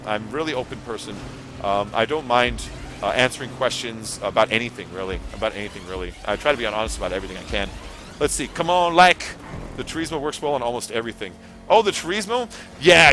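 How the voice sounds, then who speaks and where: A young man from the United States hosts a game livestream, chatting casually in a mid-range voice that sounds pushed and bright. He rambles and laughs at his own jokes, with faint background music behind him.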